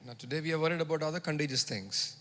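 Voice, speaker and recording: Man, pastor, emphatic sermon, high voice, reverberant church hall. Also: rapid-fire, a little hiss or hum. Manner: emphatic, repeats phrases, urges the congregation to echo words; swings between loud exhortation and quiet teaching.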